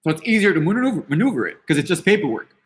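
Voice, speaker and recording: A man's voice: a little high, very animated, very fast. A man hosting a podcast, ranting casually in a brash, defiant way, swearing freely and rambling with many restarts. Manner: dismissive and defiant. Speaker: podcast host. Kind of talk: casual unscripted rant.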